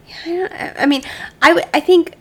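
A woman's voice: very high voice, fairly quick, fairly bright tone. A woman co-hosting a casual true-crime podcast, reacting with playful jokes and banter. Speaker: podcast co-host.

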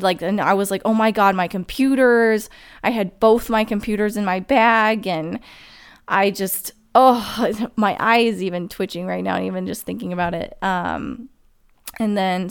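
A woman's voice: mid-range voice, clear, resonant tone. A young woman telling a personal story in a rambling way, full of "like" and restarts. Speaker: car crash survivor telling her story.

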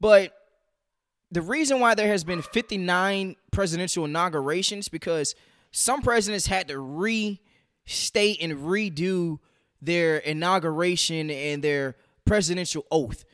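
A man's voice: high voice, unhurried, fairly bright tone, no room sound, clean studio sound. A young man from the United States hosting a casual solo podcast from his home kitchen, chatty and full of "man" and "you know". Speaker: podcast host.

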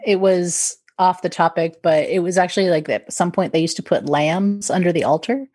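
A woman with a slightly low voice chats through folklore on a podcast. She is talkative and self-deprecating and laughs often. The sound is close and dry. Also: moderate pace, a little mellow, breathy edge, dry recording. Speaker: podcast co-host. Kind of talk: casual chat about folklore.

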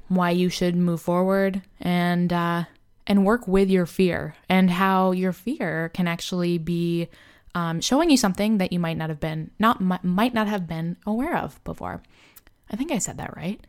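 On her casual motivational podcast, a young woman talks in a loose, candid, self-deprecating way, sprinkling in plenty of "like" and "you know." Her voice runs low with a darkish tone, at a moderate pace.

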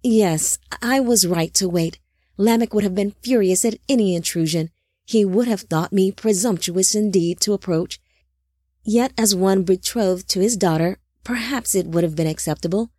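A woman's voice: mid-range voice, moderate pace, mellow, no room sound, studio quality, close to an everyday voice. A woman voicing a nervous young male servant who talks himself in and out of his own worries. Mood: anxious, self-doubting. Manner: nervous, self-doubting muttering to himself.

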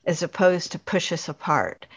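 A woman's voice: fairly low pitch, animated, moderate pace, slightly rough. A woman hosting a podcast interview, affirming and reflective as she responds to her guest. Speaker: podcast host. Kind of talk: interview conversation. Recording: slightly dull lo-fi sound.

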